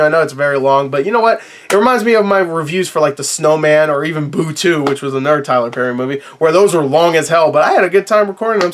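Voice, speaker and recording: A man with a slightly high-pitched voice rambles through a casual movie review, swearing freely and laughing at his own points. His throat is sore, so the voice sounds a bit worn. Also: slight background noise. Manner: rambling, profane, laughs often. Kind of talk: casual spoiler review to camera.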